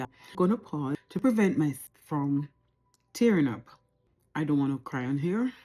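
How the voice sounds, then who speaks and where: Low, husky Jamaican woman in her forties. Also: dark tone. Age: 40s. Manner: reflective, earnest, repeats phrases for emphasis. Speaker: vlogger. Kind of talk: unscripted personal talk to camera.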